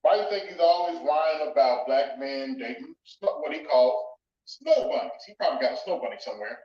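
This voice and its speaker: A man's voice: a little high, very animated, fairly quick. A man on a casual online talk show, speaking in an emphatic, mocking tone. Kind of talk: heated opinion rant. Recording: roomy, distant, dull audio.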